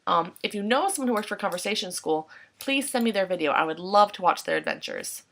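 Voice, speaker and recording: Chatty young woman rambling with gravelly edges. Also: medium pitch, big pitch swings, fast, fairly bright tone. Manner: rambling, self-correcting, chatty with quoted asides. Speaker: English teacher in Japan. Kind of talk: casual vlog chat. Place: her apartment at night. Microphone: laptop webcam.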